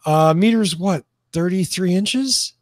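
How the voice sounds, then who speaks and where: A man co-hosting a podcast in casual chat, joking and animated, full of fillers and restarts. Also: high voice, takes it slowly, no room sound, studio quality. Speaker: podcast co-host.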